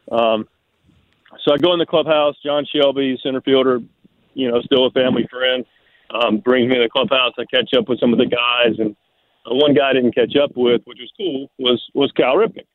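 A man's voice: mid-range voice, dry recording. Male guest on a phone line, rambling anecdote style, fillers and restarts. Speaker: baseball manager as guest. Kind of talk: casual storytelling on a call-in. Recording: tinny phone line, dry.

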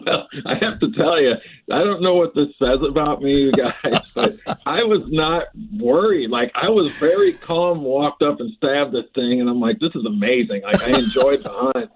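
A man on a podcast as a guest, telling a lively story, often laughing and restarting phrases. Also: fairly high pitch, normal speed, slightly rough. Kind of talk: animated storytelling. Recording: tinny phone-like line.

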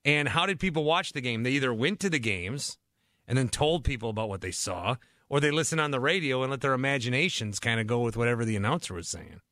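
A man's voice: medium pitch, lively intonation, fast, pushed and bright, dry recording, studio quality. Chatty male sports radio host. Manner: chatty, laughs easily, restarts his sentences. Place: radio studio. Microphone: studio microphone.

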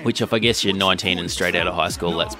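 A man co-hosting a podcast, talking about music in casual, halting chat. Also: deep voice. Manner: halting, hesitant starts. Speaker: podcast co-host.

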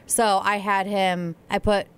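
A woman, co-hosting a morning show and telling lively stories. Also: mid-range voice, takes it slowly, smooth. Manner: animated storyteller, acts out voices. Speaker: radio show co-host. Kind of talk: casual morning show chat.

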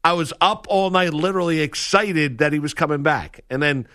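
A man co-hosting a sports talk show, talking in an animated, opinionated way with lots of emphasis. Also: on the high side, fairly quick. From grew up a Washington football fan.

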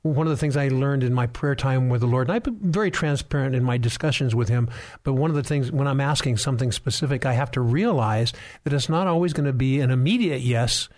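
A man's voice: mid-range voice, fast talker, a little mellow. A man hosting a Christian talk show, asking his guests questions in an earnest, jovial way. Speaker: host. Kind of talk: faith talk show conversation.

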